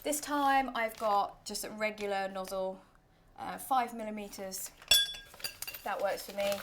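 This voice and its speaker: A woman in her thirties hosting a casual cooking demonstration in a kitchen, chatty and playful, sometimes dropping to soft self-deprecating asides. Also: mid-range voice, fairly even intonation, unhurried, heavy background noise. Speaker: cooking show host.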